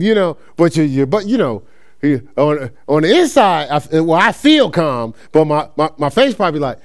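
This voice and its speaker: A male pastor delivering a sermon in a loose, conversational way. His voice sits high and leaps around with expressive swings. He slips into quick acted-out exchanges and laughs along with his own points. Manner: animated, conversational, acts out quick dialogues, laughs often. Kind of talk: lively preaching sermon.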